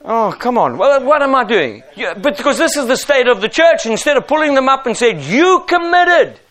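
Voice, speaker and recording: High-voiced preaching pastor, emphatic. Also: male voice, expressive, brisk, fairly bright tone. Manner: emphatic, preaching with rhetorical questions. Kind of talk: sermon.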